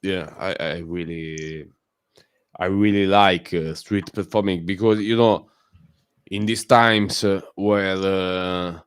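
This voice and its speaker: Italian-accented man, non-native English, low and unhurried, clear dry sound. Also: fairly even intonation, no echo. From Italy. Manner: halting, many fillers and restarts. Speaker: guest caller on a community stream. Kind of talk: casual chat.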